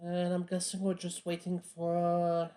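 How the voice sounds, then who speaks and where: A man playing a tabletop game, calmly describing his character's actions with some hesitant fillers. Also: high-pitched, unhurried. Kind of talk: in-character roleplay.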